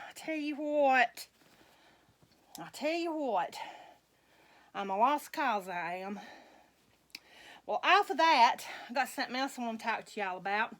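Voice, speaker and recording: Slow-talking chatty woman. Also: a little high, expressive. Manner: slow, chatty, folksy, laughs often. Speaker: vlogger dressing reborn dolls. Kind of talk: rambling casual chat to viewers.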